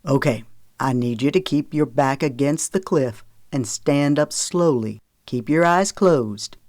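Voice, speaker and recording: An audiobook voice of a steady, level-headed man, as the narrator reads him, speaking with calm and clear authority. His tone is even and reassuring, not far from the reader's own, with a dry, close sound. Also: mid-range voice, normal speed, dry recording, close to an everyday voice. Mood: coaching. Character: calm, steady man rescuing a boy in a storm. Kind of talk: audiobook character reading.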